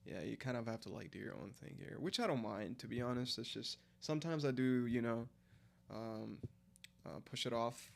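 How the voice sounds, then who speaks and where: A tired young man from India chats loosely with his stream audience, reacting to the chat as he goes. His talk is full of slang and swearing, and he laughs often. His pitch sits in an ordinary middle range. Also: moderate pace, vocal fry. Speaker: live streamer. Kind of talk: casual chat with viewers while reading the chat.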